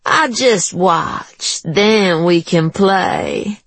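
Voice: mid-range voice, drawn-out words, a bit bright, dry recording, pitched above the performer's own voice, exaggerated voice. A narrator voicing a brash, mocking, beery middle-aged woman in an audiobook, with a slangy, taunting manner. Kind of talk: audiobook character voice.

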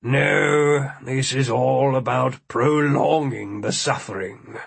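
A man's voice: mid-range voice, steady tone, slow pace, creaky, husky, no echo, full character voice. A man voicing a wry, analytical adult man who reasons things out matter-of-factly.

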